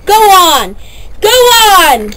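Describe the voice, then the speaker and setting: A woman voicing a gang of unruly, bullying freight cars in a toy-train story, shouting and screeching. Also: high-pitched, slow, a little hiss or hum, poor audio. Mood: rowdy.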